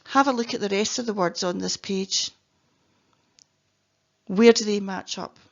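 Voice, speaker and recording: A woman with a Scottish accent, a teacher slowly and carefully explaining spelling patterns and sounding out words letter by letter. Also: medium pitch, vocal fry. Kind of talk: phonics lesson narration. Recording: dull lo-fi recording.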